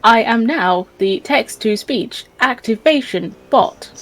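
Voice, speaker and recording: A woman voicing an emotionless female text-to-speech bot, speaking slowly and flatly. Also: fairly high pitch, poor audio. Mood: robotic. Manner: flat, slow, robotic delivery.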